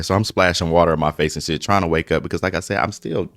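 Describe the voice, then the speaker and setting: Man vlogger, deep voice, casual profane storyteller mid-meal. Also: fairly even intonation, quick pace, fairly bright tone, no room sound. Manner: speaks through eating breaks. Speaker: mukbang vlogger. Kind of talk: casual storytime while eating.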